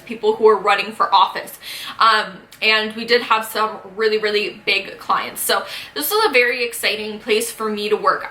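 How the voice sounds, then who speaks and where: A woman's voice: a little high, sharp tone, echoey room. A woman of twenty-two hosting a casual sit-down vlog, chatty and full of "um" and "like", a little out of breath while pregnant. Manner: chatty, filler-heavy, frequent "um" and "like". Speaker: vlogger host.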